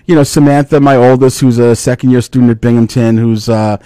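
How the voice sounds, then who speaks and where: A man's voice: medium pitch, steady tone, a little fast, a crowd in the background. A man, hosting a podcast and telling a rambling story in casual chat, full of fillers and swearing. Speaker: podcast host.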